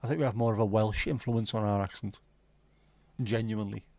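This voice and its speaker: A man's voice: fairly low pitch, fairly even intonation, brisk, creaky, darkish tone, dry recording. A middle-aged man with a South Liverpool Scouse accent, chatting casually on a livestream and telling rambling, sweary stories. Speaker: livestream host.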